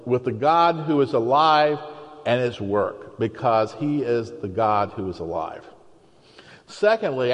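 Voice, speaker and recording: A man preaching a sermon in a conversational, storytelling way, acting out the people he quotes. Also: a little high. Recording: long hall reverb.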